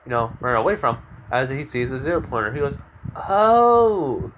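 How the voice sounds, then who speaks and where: Young male fan storyteller, improvised and rambling, average pitch, light background hiss. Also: fast talker, fairly bright tone. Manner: rambling, many fillers and self-corrections. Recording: faint background noise.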